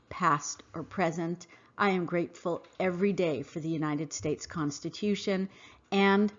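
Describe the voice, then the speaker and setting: A woman hosting a podcast, reading a scripted monologue in an earnest, emphatic, measured way. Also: on the low side, lo-fi sound. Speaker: podcast host. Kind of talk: scripted monologue read aloud.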